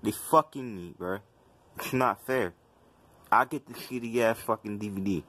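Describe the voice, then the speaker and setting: A man's voice: on the low side, moderate pace, a bit bright. A young man vlogging to camera, complaining in an agitated, profane, repetitive rant.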